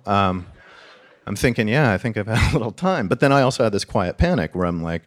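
A man telling a personal story on stage, animated, swearing and stammering as he acts out what people said. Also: on the low side, brisk.

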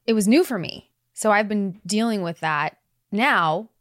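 A woman's voice: medium pitch, expressive, measured pace, a bit bright, no room sound, studio quality. A woman in her forties chatting candidly as a podcast guest, laughing often and swearing casually. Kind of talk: casual chat.

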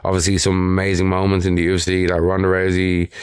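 Deep, smooth co-host. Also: male voice, completely flat delivery, dry recording, studio quality. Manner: measured, hesitant, many fillers. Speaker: podcast co-host. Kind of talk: casual chat.

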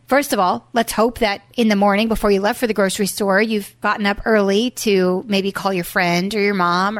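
A woman who is a parenting author and former teacher, explaining her ideas in an energetic, emphatic way on a podcast. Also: medium pitch, no room sound. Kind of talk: podcast interview.

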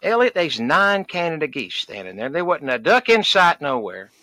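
A man's voice: a little high, sing-song, moderate pace, bright, forceful tone, dry recording. A man playing a cranky, folksy middle-aged duck hunter, ranting in a comedy podcast. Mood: exasperated. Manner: folksy, exasperated ranting with sighs and country grammar. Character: loud rural Southern male duck hunter, cranky, folksy. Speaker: recurring comedy character.

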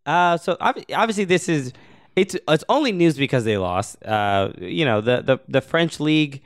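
A young adult man co-hosting a podcast, chatting casually with halting, stop-start phrasing. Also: fairly high pitch, animated, dry recording, studio quality. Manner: hesitant, many restarts and fillers. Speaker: podcast co-host. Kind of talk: casual chat.

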